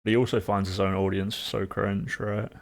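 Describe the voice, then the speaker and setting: A man with a New Zealand accent talks in a loose, wry, rambling way, full of fillers. His voice sits a little low with a gravelly, creaky edge. He sounds like a streamer in casual reaction chat. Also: flat delivery, normal speed.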